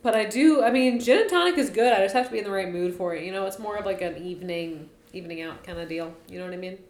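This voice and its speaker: A woman's voice: medium pitch, fast, a little mellow. A young woman co-hosting a casual podcast chat, talking in long rambling stretches full of "like" and sarcastic asides. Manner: chatty, lots of "like" fillers, sarcastic asides. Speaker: podcast co-host. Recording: roomy echo.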